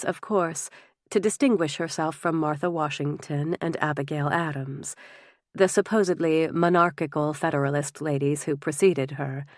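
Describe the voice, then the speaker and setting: Woman, audiobook narration, first person, measured, expressive, low pitch. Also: dry recording, studio quality.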